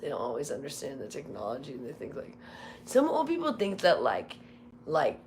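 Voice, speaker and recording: Low-voiced woman chatting on a livestream. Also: wildly swooping pitch, fairly quick, a little mellow, a little hiss or hum. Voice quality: voice cracks when tired. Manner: rambling storyteller, heavy use of "like". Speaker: livestream host. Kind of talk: casual livestream chat.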